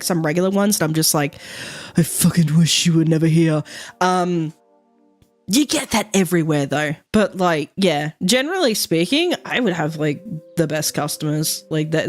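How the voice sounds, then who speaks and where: A woman streamer telling stories in casual chat while gaming, swearing freely and laughing often. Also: fairly low pitch. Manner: swears freely, animated storytelling with frequent laughs.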